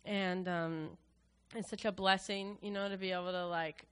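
A woman sharing a personal testimony with her congregation, speaking emotionally and haltingly with many fillers and restarts. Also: mid-range voice, steady tone, fairly bright tone, clear, resonant tone. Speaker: church worship leader.

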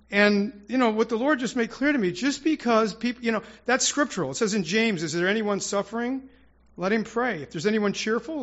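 High-voiced man giving a rambling sermon. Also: fairly bright tone, highs cut off. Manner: rambling, with restarts and prayerful asides. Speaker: church speaker. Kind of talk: informal sermon.

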